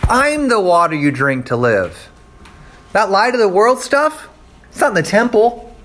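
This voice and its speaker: A man paraphrasing Jesus as a calm adult male teacher, speaking plainly with emphasis. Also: high voice, measured pace, voice pushed up, full character voice. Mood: emphatic.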